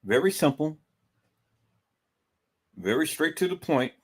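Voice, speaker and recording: A man's voice: on the high side, sing-song, takes it slowly, breathy edge. A man hosting a livestream, talking emphatically and repeating himself as he calls out to his viewers, with plenty of profanity. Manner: emphatic, repetitive, profane, keeps calling out to viewers. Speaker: livestream host. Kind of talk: livestream commentary.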